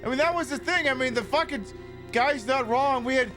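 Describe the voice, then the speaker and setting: A man's voice: extremely high pitch, brisk, pushed and bright, faint music behind. A man casually commenting on a game he is streaming, sarcastic and profane, rambling between topics.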